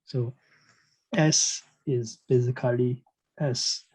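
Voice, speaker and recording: Slow, hesitant male language teacher. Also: medium pitch, steady tone, darkish tone, husky, low-quality recording. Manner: hesitant, many fillers and "you know"; asks learners questions, encouraging. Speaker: German teacher. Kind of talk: online language lesson.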